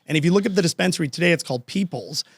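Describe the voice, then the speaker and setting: Man, podcast guest, gravelly, slightly high voice, dry close sound, animated slangy storytelling. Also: racing, no room sound. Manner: animated, slangy storyteller who acts out both sides of conversations. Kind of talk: casual storytelling in a podcast interview.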